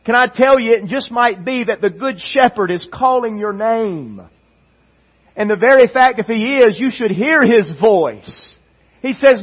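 A male pastor delivers an impassioned sermon in a high, somewhat husky voice. He takes his time and builds emphasis by repeating phrases. The recording sounds dull and lo-fi. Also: expressive, a little slow.

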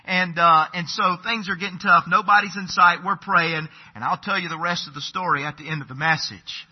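A middle-aged man preaching, his voice a little high and husky. He tells a story in a folksy, conversational way, calling his listeners folks. The recording sounds dull and lo-fi. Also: steady tone, brisk. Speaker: pastor. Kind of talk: sermon storytelling.

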